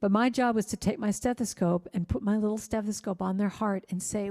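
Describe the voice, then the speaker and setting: A middle-aged woman giving a gentle, heartfelt inspirational talk in a church, telling personal stories. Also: mid-range voice, fairly even intonation, brisk. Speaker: singer-songwriter speaker.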